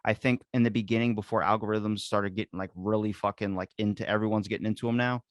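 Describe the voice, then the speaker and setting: Low-voiced guy hosting a podcast, swears a lot, dry close sound. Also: quick pace, no echo. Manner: animated, profane storytelling. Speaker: podcast host. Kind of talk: casual podcast chat.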